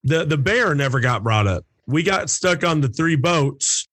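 Lively male interviewer, dry sound. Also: fairly high pitch, unhurried, no echo. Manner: short reactions, easy laughter. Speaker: interviewer, host. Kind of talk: casual interview chat.

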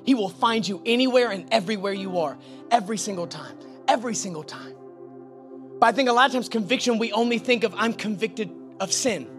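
Bright-voiced, animated male pastor. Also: high voice. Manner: animated, swings from loud urging to hushed intensity. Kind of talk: sermon.

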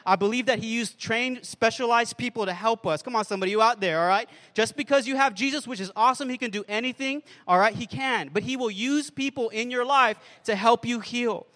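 Male pastor, sermon delivery, high and forceful, lots of asides to the crowd. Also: a little fast, hardly any pauses, in a large hall. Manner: preachy call-and-response asides.

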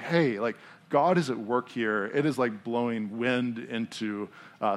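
An American man preaching a casual, conversational sermon in church, telling stories with lots of fillers. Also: medium pitch. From United States. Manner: animated storytelling with many fillers. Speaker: pastor. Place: church in Denver.

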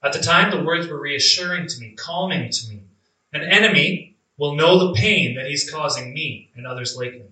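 A man's voice: on the high side, pushed and bright. A man playing a devout early believer who is imprisoned, beaten and blinded, telling his story in an earnest, reflective dramatic monologue. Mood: resolute. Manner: earnest, reflective, with drawn-out emphatic phrases. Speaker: actor in a first-person monologue. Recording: echoey room, mic at a distance.

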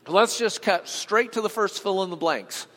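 A man's voice: high-pitched, normal speed, sharp tone. A male pastor preaching a sermon with emphatic, repeated phrases, calling on his congregation to answer him. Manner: emphatic, calls on the congregation to respond. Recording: long reverb of a large hall.

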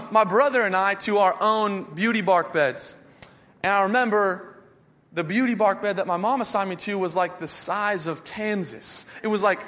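A man preaching a sermon as a pastor, telling stories with lively, self-mocking humor. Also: high-pitched, big-room sound.

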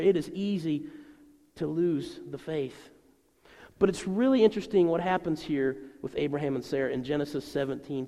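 A middle-aged male pastor preaching a sermon to his congregation in a conversational, animated way. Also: a little high, creaky. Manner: conversational and animated, voicing people in his stories. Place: church sanctuary. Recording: long reverb of a large church hall.

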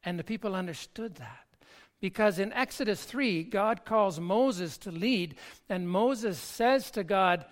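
A pastor delivers an earnest sermon at an unhurried pace. The voice sits at an ordinary middle pitch. The speech comes in halting phrases and often circles back on its words. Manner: slow, halting delivery with frequent word repeats.

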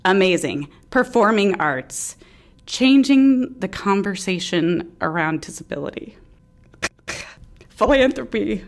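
A woman's voice: mid-range voice, animated, slow. A woman co-hosting a podcast, effusive and openly emotional in casual chat. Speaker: podcast co-host.

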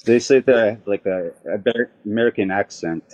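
A man's voice: on the low side, a little fast, a little mellow. A man in his thirties, a caller on a podcast, answering questions hesitantly with many fillers. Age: 30s. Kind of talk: casual interview answers.

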